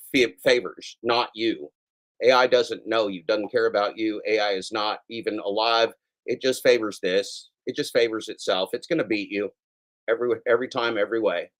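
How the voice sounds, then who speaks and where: The host of a daily show, a man with a mid-range voice, rants casually and profanely, his tone lurching from yells to gentle apologies.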